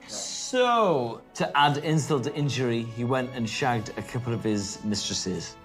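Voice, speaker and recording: A man comedian retelling history in a jokey, animated way, slipping into voices. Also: mid-range voice, unhurried, few pauses, music in the background. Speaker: comedian storyteller.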